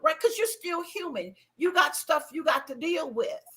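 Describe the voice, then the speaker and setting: A woman with a high, sharp voice hosts a faith talk show as a ministry conference host, speaking animatedly at a normal speed with few pauses. She's candid and emphatic, often acting out her own past words.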